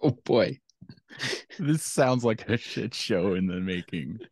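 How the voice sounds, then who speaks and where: A male podcast co-host with a lowish voice chips in with brief reactions and quick questions. His words are short and easygoing. The recording is dry and close, with no room sound. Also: lively intonation, a little mellow, husky, dry recording. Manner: short reactive comments and laughter. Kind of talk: casual podcast chat.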